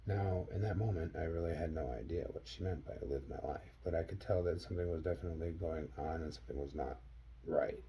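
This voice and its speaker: A man from Wisconsin earnestly telling a personal story in a vlog, acting out the dialogue with sharp jumps up in pitch. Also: fairly quick, lo-fi sound, a little hiss or hum. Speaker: vlogger.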